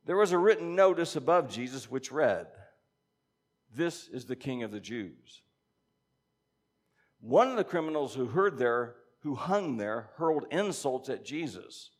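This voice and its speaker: A man teaching a congregation in a conversational sermon, reading scripture aloud and musing with animated asides. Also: mid-range voice, a little slow. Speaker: pastor or Bible teacher.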